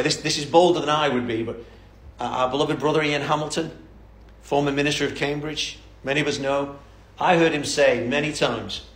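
A male preacher delivering a sermon with fervent, emphatic conviction, hammering his points home through repetition. His voice sits a little high for a man, and it rings out in an echoey church. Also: a bit bright.

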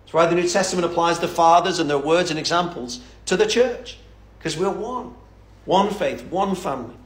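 A man's voice: fairly high pitch, normal speed, echoey room. A man preaching a sermon in a church, fervent and emphatic, building up with repeated phrases.

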